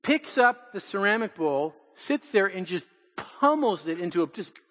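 Older male pastor, high-pitched and animated, storytelling sermon, long reverb in a church. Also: normal speed. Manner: animated, acts out quotes, laughs often. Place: church in Portland.

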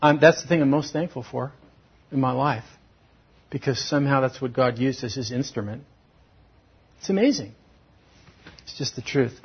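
A man preaching a sermon as pastor, swinging from loud exhortation to hushed, intimate tones. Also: medium pitch, normal speed, long pauses, breathy edge, lo-fi sound.

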